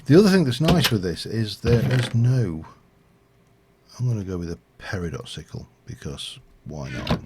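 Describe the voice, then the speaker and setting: A man's voice: fairly low pitch, very animated, moderate pace, noisy background. A man streaming a game, rambling and thinking aloud with lots of fillers as he plays. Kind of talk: casual gameplay commentary.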